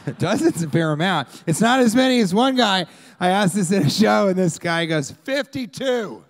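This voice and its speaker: On a club stage, a Colorado man works through a rambling stand-up set, yelling out crowd-work bits and playing fans who shout at him. His voice is high and his speed is normal.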